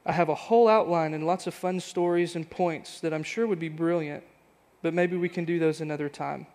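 Earnest pastor preaching in a reverberant church. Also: male voice, on the high side, steady tone, a little fast, a little mellow. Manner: earnest, reflective, repeating rhetorical questions. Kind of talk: sermon. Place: church sanctuary.

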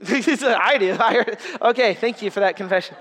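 Pastor in his thirties with a high voice, earnest conversational sermon, echoey church hall. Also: a little fast, a bit bright. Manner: earnest, conversational preaching with personal stories and humor.

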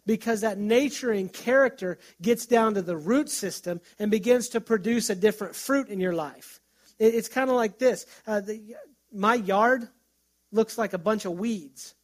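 A middle-aged pastor with a high-sitting voice preaches at a moderate pace. He tells stories in a conversational sermon, frequently starting his sentences over.

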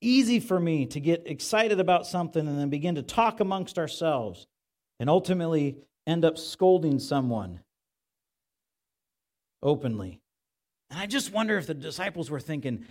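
A man's voice: on the high side, lively intonation, moderate pace, a little mellow. A male pastor giving a conversational sermon in a church, often asking his listeners rhetorical questions.

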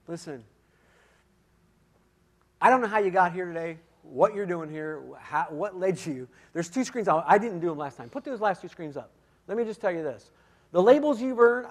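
A man giving a sermon testimony, swinging from quiet, intimate moments to loud, emphatic calls, with repeated "come on" and "listen". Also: high voice. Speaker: guest speaker giving testimony.

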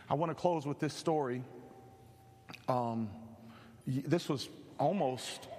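A male pastor preaching a sermon with animated, joking storytelling. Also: mid-range voice, big-room sound.

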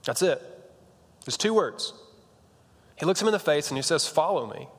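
A man's voice: on the high side, lively intonation, moderate pace, fairly bright tone, big-room sound. A young man preaching a sermon in a casual, conversational way, with slang and frequent restarts. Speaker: pastor.

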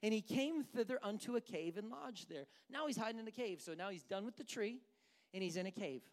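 A preacher giving an animated, conversational sermon who acts out the characters. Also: mid-range voice, brisk.

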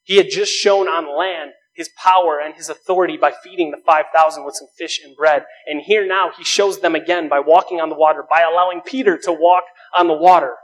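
High-voiced male pastor preaching earnestly. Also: steady tone, a little fast, hardly any pauses, fairly bright tone, rough recording. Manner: earnest, with rising emphasis and rhetorical questions. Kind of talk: sermon.

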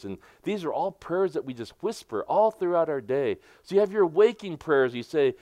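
A man preaching a sermon as pastor, moving between emphatic points and hushed, softly spoken prayers. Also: fairly high pitch, sing-song, normal speed, few pauses, no room sound. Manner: swings from bright emphatic preaching to hushed near-whispered prayers.

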